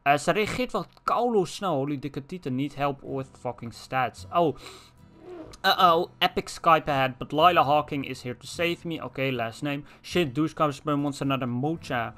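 Man, young, let's play commentary, reading text messages aloud, swears often, slightly high-pitched. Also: moderate pace, hardly any pauses, a bit bright. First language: Dutch. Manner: reads in-game text messages aloud, cursing, switching to Dutch asides. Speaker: let's player. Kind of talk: casual gameplay commentary.

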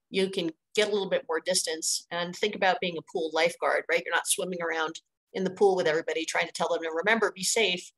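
Presenting a training webinar about dog playgroups, this middle-aged woman speaks in an energetic, chatty style, hammering points home with repeated words. Her pitch is fairly low, and the audio is poor.

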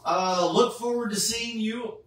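Speaking a little slowly in a high-pitched voice, the charity Superman cosplayer, a middle-aged man, tells a story in a relaxed, animated way and performs the voices of those he quotes. He's recorded at a distance from the mic in an echoey room with faint noise behind him.

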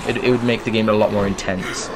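A man gives chatty let's play commentary over his game, wandering between topics and breaking into sudden exclamations. His voice sits a little low. A faint hiss runs behind it. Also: fairly even intonation, fast. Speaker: gaming YouTuber.

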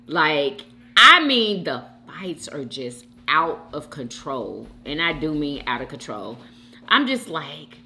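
Lively woman gabbing to her viewers over a meal, low voice but bright and sharp, pitch bouncing all over. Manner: animated, keeps addressing viewers as "y'all". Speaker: mukbang channel host. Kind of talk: casual chat to viewers while eating.

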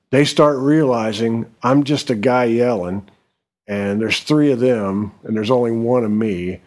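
A middle-aged man telling a personal story in a casual, unhurried way, with frequent fillers. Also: medium pitch.

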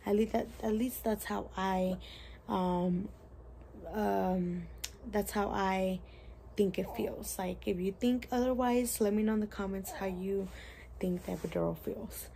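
A woman's voice: mid-range voice, measured pace, vocal fry, warm tone, a little hiss or hum. A young woman casually telling a story to camera in a chatty, rambling way, full of "like" and "you guys". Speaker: vlogger.

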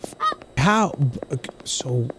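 A young man from the United States commenting casually on a game he plays, swinging from quiet muttering to loud outbursts. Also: medium pitch, slow pace, noisy background. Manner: excitable, swings from muttering to yelling. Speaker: gaming streamer.

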